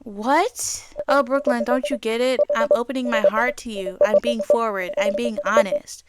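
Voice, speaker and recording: A woman voicing an obsessed male stalker boyfriend from a game, talking quietly, gently and unsettlingly. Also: on the high side, fairly even intonation, normal speed, close to an everyday voice. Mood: eerie calm.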